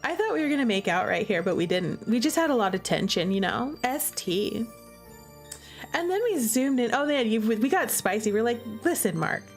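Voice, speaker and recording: Young woman, game streamer, chatty, playful, higher voice, faint music under her. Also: lively intonation, moderate pace. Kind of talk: casual game commentary.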